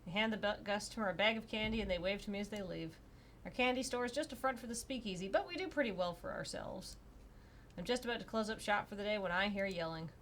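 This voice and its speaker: A woman's voice: medium pitch, quick pace, a bit bright, slight background noise. A woman narrating and playing a tabletop role-play, chatty and self-deprecating. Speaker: player and narrator.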